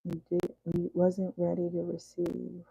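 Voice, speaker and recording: A woman's voice: on the low side, completely flat delivery, a little slow, gravelly, mellow, slightly rough, faint music behind, poor audio. A woman giving a casual tarot reading in a preachy, slangy way, sometimes dropping to a whisper. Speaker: tarot reader.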